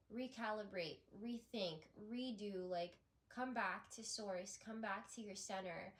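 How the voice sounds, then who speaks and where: A woman doing a spiritual tarot reading, talking in a rambling, effusive way with frequent restarts. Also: mid-range voice. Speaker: tarot reader.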